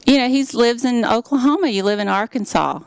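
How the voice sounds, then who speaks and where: A woman's voice: on the high side, a little fast, gravelly, clear, resonant tone, pitched above the performer's own voice. A woman putting on the voice of her eager, insistent sister playing matchmaker. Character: excited, pushy adult sister playing matchmaker.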